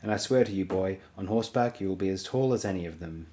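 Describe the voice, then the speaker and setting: A man's voice: deep voice, fast talker, warm tone, lightly acted. A man voicing a wry, sardonic dwarf lord in a dry, courtly manner.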